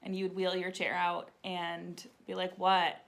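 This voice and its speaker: A woman's voice: on the low side, monotone, moderate pace, vocal fry, a bit bright. A woman who works at a camp, fondly recalling memories in a casual tribute, laughing often as she talks. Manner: laughs often, chatty with many likes. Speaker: camp staff member giving a tribute. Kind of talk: casual heartfelt reminiscing.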